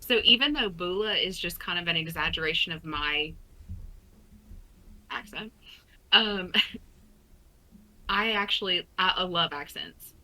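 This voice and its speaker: Brief: encouraging woman podcast co-host, lowish pitch, sharp and bright tone. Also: a little slow, pauses often, poor audio. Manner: enthusiastic, warmly encouraging. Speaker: co-host and player. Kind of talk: casual podcast chat.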